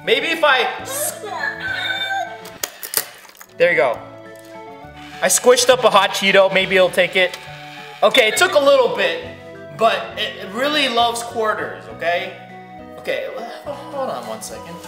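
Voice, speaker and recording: Playful male unboxing host, lively sing-song delivery, roomy echo with music underneath. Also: very high voice. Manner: animated, teasing and pleading with a toy. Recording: echoey room with background music.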